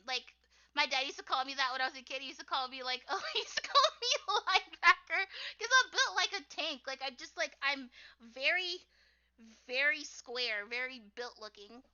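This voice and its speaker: A young woman with a squeaky voice chatting casually on a livestream while she draws, rambling with lots of "like" and frequent laughter. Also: brisk, pushed and bright, smooth, lo-fi sound. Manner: rambling, full of "like", laughs often. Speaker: artist streaming her drawing work.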